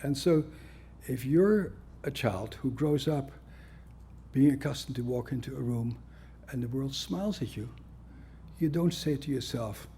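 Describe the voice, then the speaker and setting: A man's voice: mid-range voice, unhurried, mellow, slight background noise. A man giving a conference lecture as a psychiatrist, blunt and conversational with a wry humor.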